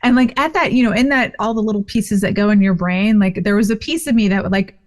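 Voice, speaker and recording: Woman, fifties, podcast guest, animated storytelling, casual interview. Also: medium pitch, brisk. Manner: animated, expressive retelling with frequent fillers. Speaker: guest, author and parent.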